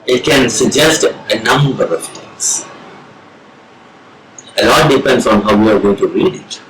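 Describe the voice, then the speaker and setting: A man with an Indian English accent, a professor of English giving a slow, measured lecture on reading poetry with deliberate pauses. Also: medium pitch, a bit bright. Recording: roomy with faint ambience.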